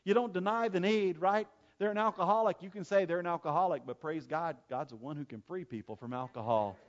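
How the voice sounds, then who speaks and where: A man preaching a sermon, telling stories with emphatic repetition and dropping from loud preaching to quiet asides. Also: sits high, fairly quick, muffled recording. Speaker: pastor.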